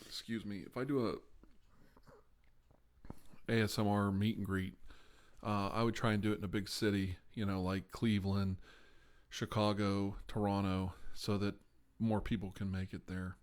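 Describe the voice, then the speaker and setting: Stream host, male, low voice, easygoing chat with viewers. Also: normal speed, long pauses. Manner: relaxed, chatty, reads out chat messages. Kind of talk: casual live-stream chat.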